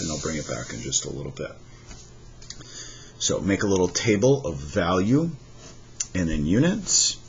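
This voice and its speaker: A man teaching a chemistry lesson, methodically walking through worked examples. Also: low-pitched. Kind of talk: recorded lesson lecture. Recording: dull lo-fi recording, faint noise.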